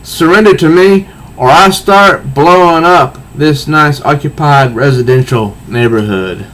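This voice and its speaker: A man's voice: fairly high pitch, measured pace, fairly bright tone, low-quality recording. A man reading as a mocking female bomber villain.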